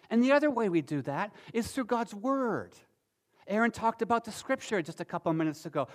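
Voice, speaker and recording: Animated pastor preaching, fairly high voice. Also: male voice. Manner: animated, shifting from loud emphasis to soft near-whispers. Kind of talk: sermon.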